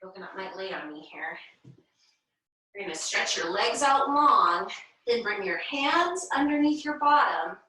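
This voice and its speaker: A young woman leading a children's yoga class, giving gentle, encouraging, sing-song instructions. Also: mid-range voice, sing-song, unhurried, very echoey, far from the mic, low-quality recording. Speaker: kids' yoga teacher.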